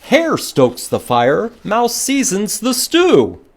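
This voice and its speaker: A man reading a picture book to small children, and his voice swings far up and down as he acts out each line. He takes an unhurried pace and stretches out the big moments. He often stops to ask his young listeners questions. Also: background noise. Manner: animated, expressive read-aloud with big pitch swings and slow dramatic lines. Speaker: children's librarian. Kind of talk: children's storytime read-aloud.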